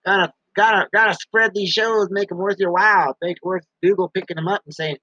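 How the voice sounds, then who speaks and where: A man's voice: sits high, fairly even intonation, a little fast, sharp tone, no echo. A man hosting his own show from a basement, rambling casually, repeating himself and talking about himself in the third person. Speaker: podcast host. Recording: dull muffled sound.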